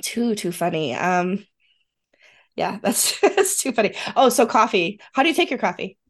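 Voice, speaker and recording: A woman's voice: medium pitch, very animated, moderate pace, breathy edge. A woman in her fifties with a Western New York accent, a podcast host in casual chat who laughs often and trails off mid-sentence. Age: 50s.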